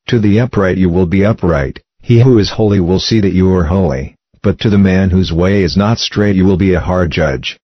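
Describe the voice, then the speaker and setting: A man reciting psalms in a steady, measured reading. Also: deep voice, no room sound, muffled recording. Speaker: scripture reader.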